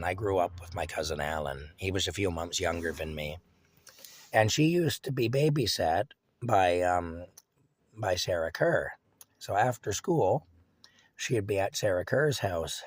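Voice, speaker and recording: A man's voice: low voice, a bit bright, no echo. A man casually reminiscing about his childhood hometown, rambling with fillers, restarts and chuckles. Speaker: storyteller.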